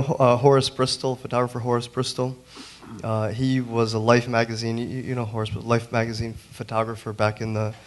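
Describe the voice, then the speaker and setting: A man with a lowish voice speaks on a museum panel. He is a printmaker who tells a long story earnestly, stumbling and restarting often. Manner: halting, many restarts and fillers, earnest. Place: museum auditorium.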